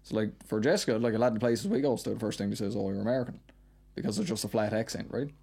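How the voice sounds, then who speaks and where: Newfoundland man, 30s, rapid rambling storyteller, broad local accent. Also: lowish voice, lively intonation, vocal fry, darkish tone, slightly rough. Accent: Newfoundland Southern Shore. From Newfoundland, Canada. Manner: rambling, storytelling, quick with local turns of phrase. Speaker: podcast guest. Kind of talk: casual chat.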